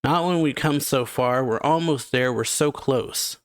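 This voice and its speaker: A desperate young woman commander, urgent and pleading, read out by a man. The lines are spoken plainly at a mid pitch and sound close and dry, with no room around them. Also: unhurried, no room sound, natural voice.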